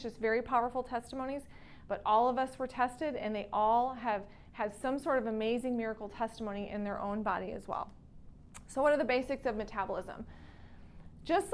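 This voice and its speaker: A woman with a Texan accent talks casually to an audience of patients in a fairly high voice. She tells her story expressively and acts out the lines she quotes from others. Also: a bit bright. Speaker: chiropractor and wellness doctor.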